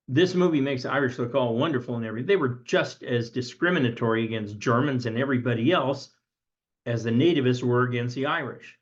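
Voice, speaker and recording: A man's voice: medium pitch, highs cut off. A man teaching a recorded history lesson, reading aloud from a textbook and breaking off into conversational asides.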